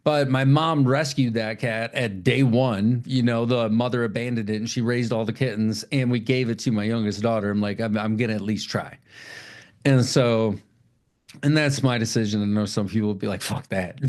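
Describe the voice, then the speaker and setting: A man's voice: medium pitch, normal speed, a little mellow. Middle-aged man, podcast co-host, casual swearing chat, sleepy, rambling. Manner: loose, swearing, rambling storytelling. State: tired from lack of sleep.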